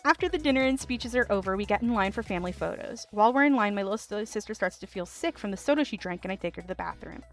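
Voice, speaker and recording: A woman streamer reading online stories aloud, with animated commentary and laughing asides. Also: medium pitch, fast, hardly any pauses, soft background music.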